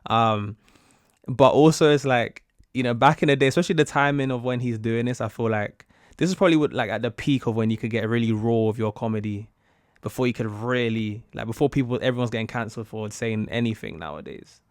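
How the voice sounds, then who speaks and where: A young man casually reacting to a comedy clip, relaxed and musing, often breaking into laughter. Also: mid-range voice, a little fast, dry recording, clean studio sound. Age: young adult. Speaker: reaction video host.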